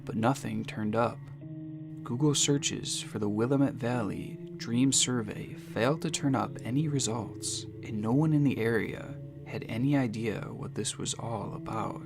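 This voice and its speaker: A man giving scripted, suspenseful mystery narration, measured and slowing down for dramatic phrases. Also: medium pitch, creaky. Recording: narration over music.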